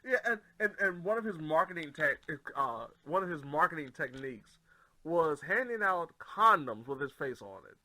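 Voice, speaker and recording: Bright, high-voiced excitable podcast host. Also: male voice, normal speed. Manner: excitable, reactive, repeats agreement. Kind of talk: casual chat. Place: home.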